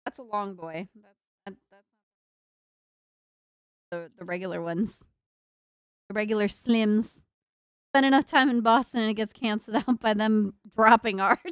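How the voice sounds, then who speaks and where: A woman's voice: medium pitch, a little slow, long pauses, smooth, no echo, studio quality. A young woman chatting casually on a live stream from her computer desk, giggling often, with a northern US accent tinged by a Southern drawl. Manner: giggly, laughs often, rambling self-talk. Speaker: livestreamer. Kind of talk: casual live-stream chat while building.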